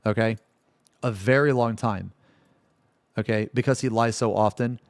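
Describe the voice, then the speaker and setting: A man's voice: fairly low pitch, fairly even intonation, normal speed, no echo. Emphatic ranting male streamer. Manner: emphatic, keeps asking "okay?", swears freely. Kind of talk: ranting live-stream commentary.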